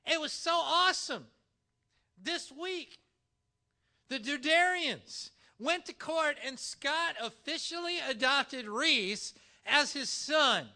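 A man preaching a sermon in a church, animated and emphatic, using dramatic pauses. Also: very high-pitched. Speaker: pastor.

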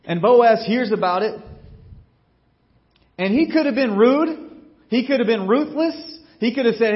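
A man preaching a sermon as pastor, telling a story in a casual, joking way and acting out what people say, getting loud and then dropping low. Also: unhurried, long pauses, dull audio. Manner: animated storytelling, acts out quotes with big swings in loudness.

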